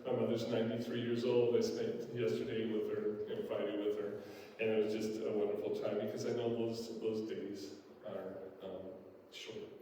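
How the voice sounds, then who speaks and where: Older pastor, mellow, echoing hall. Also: male voice, lowish voice, flat delivery, moderate pace, a little hiss or hum. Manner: folksy, anecdotal storytelling with filler words. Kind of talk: sermon. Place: church sanctuary. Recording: echoey church hall, distant mic.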